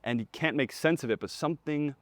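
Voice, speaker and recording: A man hosting a podcast, thinking aloud in a reflective, animated way during a casual interview. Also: a little high, fast, no room sound. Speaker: podcast host.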